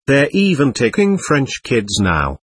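A man's voice: mid-range voice, huge pitch swings, takes it slowly, breathy edge, dry recording, full character voice. A man doing a lazy, mocking middle-aged soldier. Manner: teasing, on the edge of laughter. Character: fiftyish male soldier, lazy, mocking, unhurried.

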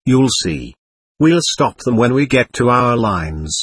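A man's voice: mid-range voice, sing-song, slow pace, a bit bright, breathy edge, no echo, full character voice. A man voicing a blunt, battle-hardened veteran soldier in an audiobook reading, giving curt, urgent orders. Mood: gruff.

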